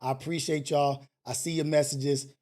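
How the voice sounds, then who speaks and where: A man hosting a live call-in stream, talking casually and preachily, swinging between loud scolding and low murmurs. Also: flat delivery, normal speed. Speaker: host of a live call-in show.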